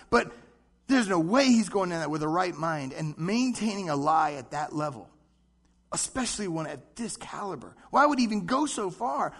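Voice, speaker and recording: A man preaching a sermon, animated, acting out short voices as he goes. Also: sits high. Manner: animated, acts out voices in quick asides. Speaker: pastor.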